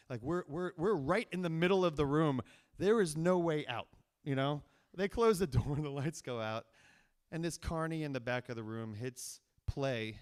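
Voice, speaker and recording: Young male storyteller, higher voice, animated live comic telling before an audience. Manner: animated, swings from hushed to loud excited telling.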